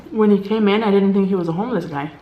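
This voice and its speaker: A woman's voice: medium pitch, racing, highs cut off, background noise. A woman vlogger casually telling a story from work, acting out what people said to her. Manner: chatty, animated quoting of others; drops to a hushed whisper at tense moments. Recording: echoey room.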